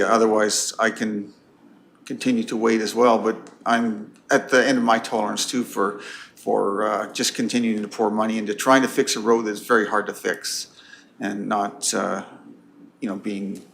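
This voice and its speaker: A man speaking as a county councillor in a council meeting debate, blunt and halting, with many restarts. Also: medium pitch, gravelly, a bit bright.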